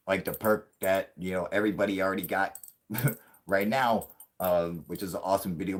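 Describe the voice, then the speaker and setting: A man in his late thirties hosting a live stream, rambling casually with constant swearing and laughter. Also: low voice. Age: 30s. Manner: crude, profanity-heavy rambling with frequent laughs; puts on a yelling grumpy old man for jokes.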